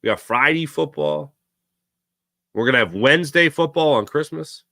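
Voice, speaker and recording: A man's voice: a little high, moderate pace, creaky, sharp tone, dry recording, studio quality. A young man hosting a live sports talk stream, rambling and reading viewers' comments aloud. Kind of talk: casual live-stream chat.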